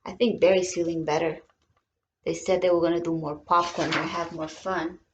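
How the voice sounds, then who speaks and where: A woman reading a picture book aloud to children in a bilingual lesson, gasping and asking questions as she goes, in an expressive way. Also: lowish voice, normal speed, slight background noise. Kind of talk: bilingual storybook read-aloud. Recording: roomy, dull lo-fi sound.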